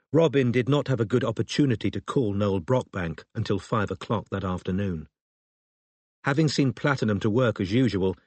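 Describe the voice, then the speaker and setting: A man reading an audiobook in a steady, measured storytelling manner. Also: fairly low pitch, no echo. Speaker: audiobook narrator. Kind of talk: scripted audiobook narration.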